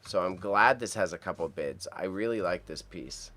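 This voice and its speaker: This man speaks in a low, expressive voice at normal speed, with a fairly bright tone. Hosting a laid-back livestream, he's chatty and upbeat, talking to his chat and tripping over difficult words as he reads out auction item names.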